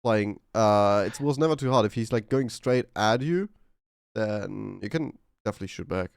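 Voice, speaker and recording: A man hosting a casual developer podcast, relaxed and easygoing. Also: lowish voice, moderate pace, creaky, clear, resonant tone, no echo, clean studio sound. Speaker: podcast host.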